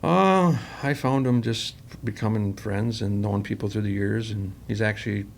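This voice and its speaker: Gravelly-voiced business owner telling stories. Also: male voice, on the low side, moderate pace, a little hiss or hum. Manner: rambling, acts out quoted dialogue. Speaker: company president, podcast guest. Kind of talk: casual storytelling interview.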